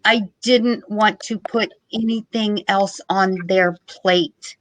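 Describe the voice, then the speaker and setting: A middle-aged woman, a podcast guest, telling a story in a joking, lively way. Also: mid-range voice, slow pace, poor audio. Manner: joking, animated storytelling with laughs. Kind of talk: casual storytelling.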